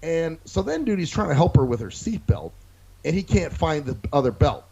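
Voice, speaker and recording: Raspy guy ranting through a story, bouncy pitch, muffled low-fi sound. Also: moderate pace. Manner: profane, animated storytelling, acts out others' lines. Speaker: podcast co-host. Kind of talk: casual storytelling chat. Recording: dull lo-fi recording.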